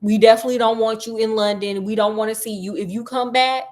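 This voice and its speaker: A woman's voice: a little high, fairly even intonation, quick pace, a little mellow, close to an everyday voice. A woman doing a curt, stern male lawyer.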